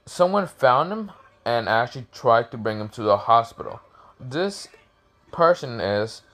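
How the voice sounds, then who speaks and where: A man's voice: mid-range voice, a bit bright. A young man improvising a fan story, rambling and profane, with many fillers and restarts.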